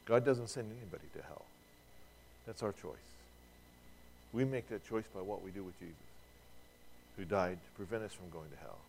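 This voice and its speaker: Conversational male preacher, lowish voice. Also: moderate pace, gravelly, pauses often, darkish tone. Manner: conversational preaching, rhetorical questions to the congregation; repeats words when restarting. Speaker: pastor. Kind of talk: sermon.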